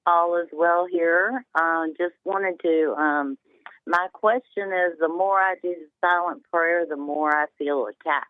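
A woman's voice: fairly low pitch, fairly even intonation, a little slow, no echo. A woman calling in to a radio show, talking in a rambling, hesitant, emotional way. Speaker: caller. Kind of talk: phone-in call. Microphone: telephone. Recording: tinny phone line.

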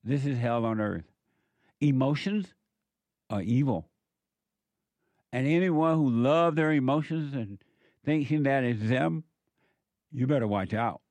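A man's voice: mid-range voice, a little slow, pauses often, darkish tone, no room sound. A man giving a preachy, sarcastic commentary on a news clip, mocking and repeating his phrases for emphasis.

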